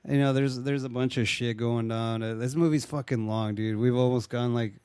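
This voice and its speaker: A man's voice: mid-range voice, steady tone, moderate pace, a little mellow, smooth, dry recording. A young man casually retelling a movie plot, swearing often and acting out the characters' lines. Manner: laid-back, swears often, acts out quotes.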